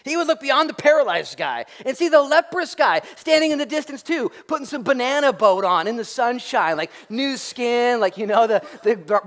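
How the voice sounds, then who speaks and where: A man preaching a sermon as pastor, lively and joking, acting out the voices of the people in the story. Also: very high-pitched.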